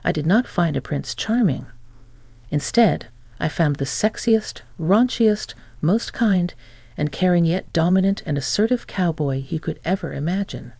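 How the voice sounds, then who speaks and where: A woman narrating a dramatic first-person story, expressive and acting out the dialogue herself. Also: on the low side, measured pace, gravelly, no room sound.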